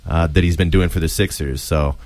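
A man co-hosting a casual sports podcast, giving opinions in a steady way. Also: very deep voice, a little fast, no room sound. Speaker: podcast co-host.

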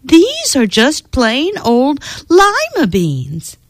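A woman voicing a kind, sweet old woman in a storybook reading, speaking gently and soothingly. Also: sits high, huge pitch swings, drawn-out words, no room sound, clean studio sound, pitched above the performer's own voice, exaggerated voice. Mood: gentle.

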